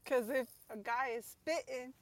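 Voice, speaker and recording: A woman's voice: high voice, unhurried, a loud crowd. A woman on a podcast panel, answering in a hesitant, giggly way. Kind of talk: casual podcast chat.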